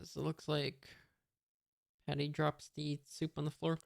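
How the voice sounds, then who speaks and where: A reader reading a comic aloud in a monotone, reading out sound effects and punctuation with many hesitant fillers. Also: mid-range voice, measured pace, creaky, pauses often, dry recording, clean studio sound.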